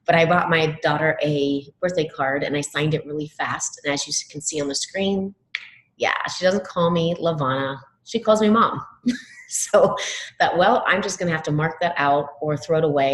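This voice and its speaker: A middle-aged woman with a low voice gives a motivational talk to teachers. She tells classroom stories with energy and acts out what her students say. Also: low-quality recording. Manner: animated storytelling, acts out quoted students. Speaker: education speaker.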